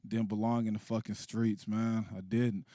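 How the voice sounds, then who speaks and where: A man in his late thirties doing a stand-up comedy set, animated and profane, laughing at his own jokes. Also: fairly low pitch, moderate pace, no echo, clean studio sound. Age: 30s. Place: comedy stage.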